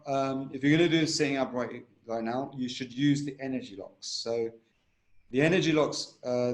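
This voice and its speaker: A man teaching a breathwork technique in a conversation, explaining steps and demonstrating chanted tones. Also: mid-range voice. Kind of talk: instructional conversation. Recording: roomy echo.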